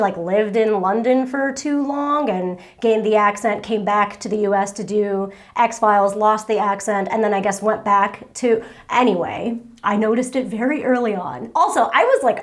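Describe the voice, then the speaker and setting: Woman, 30s, from the US, giggly Q and A host, slightly high voice. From United States. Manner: chatty and giggly, reads questions aloud. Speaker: YouTuber answering viewer questions. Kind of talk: casual Q and A chat.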